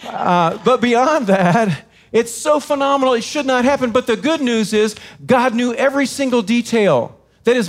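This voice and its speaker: A man with a high voice preaching an earnest sermon. He speaks with emphasis and acts out quoted cries with drama. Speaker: pastor.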